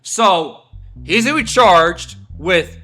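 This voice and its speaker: Male streamer, bright voice, swings in pitch, excitable jokey play-by-play over faint guitar music. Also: takes it slowly. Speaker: gaming streamer. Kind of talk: let's-play commentary.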